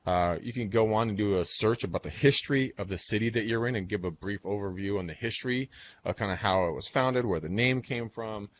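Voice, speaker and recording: Blunt, low-voiced man co-hosting. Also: a little fast, muffled recording, a little hiss or hum. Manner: rambling, blunt, swears freely. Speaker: podcast co-host, real estate coach. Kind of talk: casual chat.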